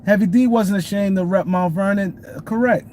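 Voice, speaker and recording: Speaking at normal speed in a high, darkish voice, a New York City man hosts a casual sports talk stream. He greets viewers by name and repeats his points, with a little hiss or hum in the background.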